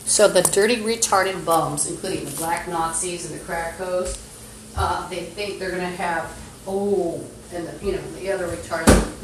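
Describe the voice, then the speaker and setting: A woman's voice: on the low side, fairly even intonation, moderate pace, echoey room, very noisy. A woman on a phone live stream, talking in an agitated, rambling monologue full of profanity. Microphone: phone streaming app.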